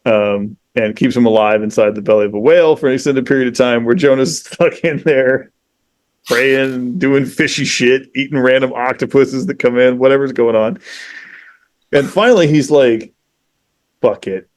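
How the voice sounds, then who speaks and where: A man in casual podcast conversation, retelling a story in a lively, profane way, peppered with "you know" and "like.". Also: medium pitch, moderate pace, dry recording. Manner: animated, profane, acts out quoted characters; frequent fillers like "you know" and "like". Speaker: podcast guest.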